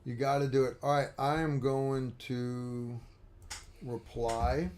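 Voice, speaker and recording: A man's voice: mid-range voice, level tone, darkish tone, slight background noise. A man co-hosting a casual livestream, reading out viewer donations and chatting loosely. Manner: slow, gravelly, swears casually. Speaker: livestream co-host.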